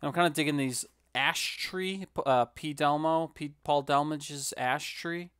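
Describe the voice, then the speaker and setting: A man's voice: on the high side, fairly even intonation, a little slow, a bit bright, clear, resonant tone, no echo, clean studio sound. A man casually commenting while building on a live stream, joking and rambling with self-mocking asides.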